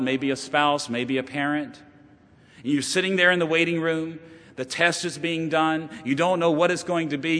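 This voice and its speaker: A man preaching a sermon, telling stories, sometimes dropping to a hush and then building up with emphasis. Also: on the high side. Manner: storytelling, shifting from hushed to rising emphasis. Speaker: pastor. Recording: long hall reverb.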